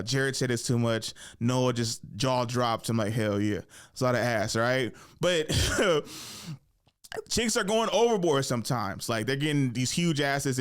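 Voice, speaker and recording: A man's voice: medium pitch, clear, resonant tone. Laughing man telling comic stories. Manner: animated storytelling, acts out voices, laughs often. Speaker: podcast host, comedian. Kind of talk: casual solo monologue.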